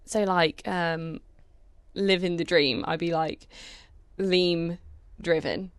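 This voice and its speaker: A woman co-hosting a podcast in casual chat, chatty and quick to laugh and joke. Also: fairly low pitch, steady tone, smooth, dry recording. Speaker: podcast co-host and stand-up comedian.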